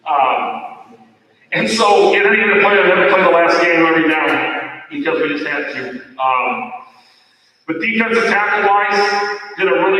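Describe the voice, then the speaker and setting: A middle-aged football coach speaks at a team awards night in a fairly high voice, folksy and rambling, with plenty of fillers and restarts. He is picked up from across a large hall, so his voice booms and trails off in a long echo. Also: pushed and bright. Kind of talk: end-of-season awards speech. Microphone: far from the microphone. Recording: echoey hall from far off.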